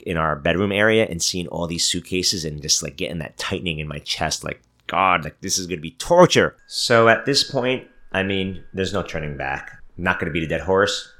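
A man's voice: deep voice, sharp tone. A man in his thirties hosting a podcast, telling a personal story in a chatty, self-mocking way with lots of filler words. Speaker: podcast host. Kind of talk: casual motivational monologue.

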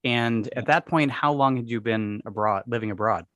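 In a relaxed conversational interview, a male podcast host poses meandering questions loaded with "you know" and "sort of." He speaks at a normal speed in a medium-pitched, slightly bright voice, with no echo.

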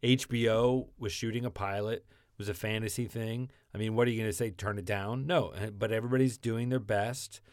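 A man in a relaxed podcast chat about actors and TV shows, rambling and animated with lots of restarts. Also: fairly low pitch, brisk, no echo, clean studio sound.

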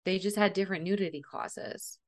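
A young adult woman chatting casually, telling animated stories and acting out quotes. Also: medium pitch, brisk. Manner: animated storyteller, acts out quotes. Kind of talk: casual chat.

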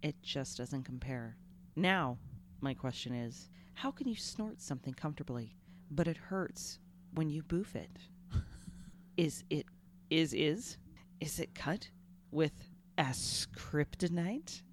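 Female podcast host, lower voice, bawdy and giggly, faint hiss behind. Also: lively intonation, slow. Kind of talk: casual comedic chat.

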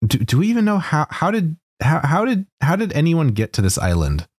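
A man co-hosting a casual podcast chat, joking in a dry, deadpan way. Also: a little high, a little fast, breathy edge, dry recording. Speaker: podcast co-host.

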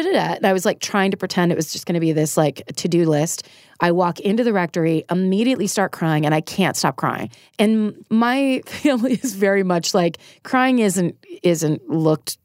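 A middle-aged woman from Northern California speaks in a lowish voice, recorded close and dry. She tells a personal story as a podcast guest, candid and emotional, now and then cursing for emphasis. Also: no room sound. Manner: emotional, frank, animated storytelling with swearing. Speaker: guest, comedian and TV writer.

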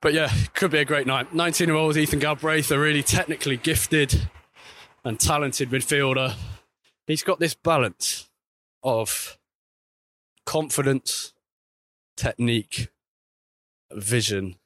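Outdoors by a street, a man walks while reporting on football for a vlog, speaking a little slowly and pausing often. He chats casually with lively pitch swings, correcting himself as he goes.

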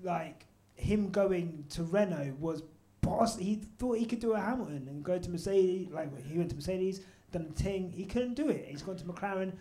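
Bloke hosting a live podcast, loud and sweary, pretty high voice. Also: male voice, moderate pace. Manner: loud, swearing, laughing banter. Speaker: podcast co-host. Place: live event venue with audience.

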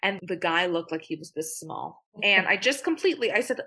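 A woman's voice: on the low side, expressive, a little fast, hardly any pauses, pushed and bright, breathy edge. A young woman attorney speaking as a guest in a podcast interview, blunt and emphatic, swearing freely. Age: young adult.

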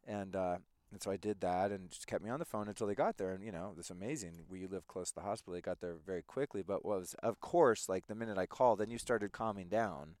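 A man with a fairly low voice tells a story in loose, animated chat, cursing often and acting out what people said. The sound is dry and close, with no room echo. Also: fast talker, few pauses. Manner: animated, swears freely, acts out quoted voices. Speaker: podcast guest.

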